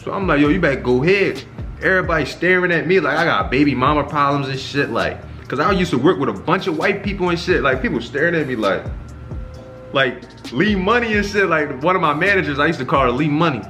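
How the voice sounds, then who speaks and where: A young man vlogging a casual storytime, animated and full of slang and swearing, his pitch leaping up whenever he acts out his own reactions. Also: fast talker, faint music behind. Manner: animated, profane slang-heavy storytelling with sharp jumps in pitch on quoted reactions.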